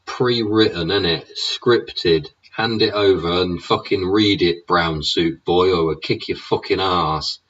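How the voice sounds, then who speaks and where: Low husky man ranting. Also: a little slow, hardly any pauses, a bit bright. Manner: swears constantly, rhetorical tags like "innit" and "yeah". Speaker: show host. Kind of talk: profane ranting monologue. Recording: dull lo-fi recording.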